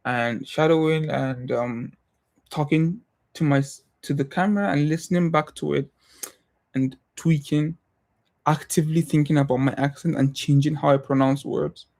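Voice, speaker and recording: Young male streamer, non-American accent, mellow tone, reflective and hesitant delivery. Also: a little high. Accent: non-American English accent. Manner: thoughtful, hesitant, many pauses and restarts. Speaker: livestreamer. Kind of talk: casual reflective livestream talk.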